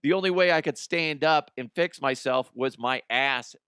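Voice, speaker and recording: A middle-aged man hosts a comedy show, spinning crude, rambling anecdotes full of swearing. He jumps into quick impressions of the people in his stories. His voice sits at a middle pitch and is recorded dry, with no room sound. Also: bright, forceful tone, clean tone, no echo. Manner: rambling, profane, acts out quoted people. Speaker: comedy podcast host. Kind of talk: crude comic storytelling.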